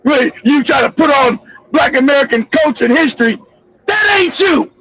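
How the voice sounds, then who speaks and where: A man with a very high, gravelly voice rants through heated stream commentary. He shouts and curses often and trips over repeated words as he goes. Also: lively intonation, normal speed, dry recording, poor audio. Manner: shouting, profane, ranting. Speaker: host. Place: home streaming setup.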